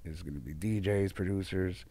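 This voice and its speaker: A man's voice: sits low, normal speed, husky. A man, a guest DJ telling stories in a casual interview and acting out what others said. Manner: animated storyteller, acts out quoted voices.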